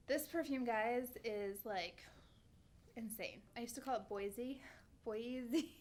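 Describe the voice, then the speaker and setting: This beauty vlogger, a woman in her thirties, speaks slowly in a voice on the higher side as she reviews perfumes. Chatting casually to camera, she's effusive and stumbles over product names.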